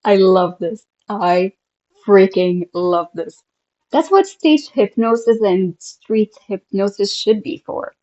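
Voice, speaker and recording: A woman's voice: medium pitch, slow, dark tone, dull audio. A woman, a hypnosis coach, reacting to street hypnosis clips in a chatty way and laughing often. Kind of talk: reaction commentary.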